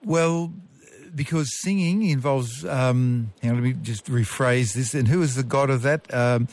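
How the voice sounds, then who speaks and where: A man's voice: mid-range voice, unhurried, a little mellow. A man answering listeners' science questions on call-in radio, rambling and correcting himself as he explains. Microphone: studio microphone.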